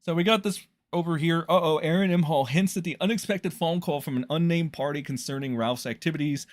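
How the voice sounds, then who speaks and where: Guy ranting in a commentary video, swears a lot, rambly, slightly high voice. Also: a little fast, no room sound. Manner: profane, scornful, rambling. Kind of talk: casual commentary rant.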